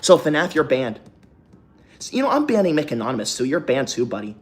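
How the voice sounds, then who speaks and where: A man's voice: medium pitch, sing-song, brisk. A young man hosting a livestream from a hotel room, reading super chats aloud and breaking into melodramatic, indignant outbursts. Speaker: livestream host.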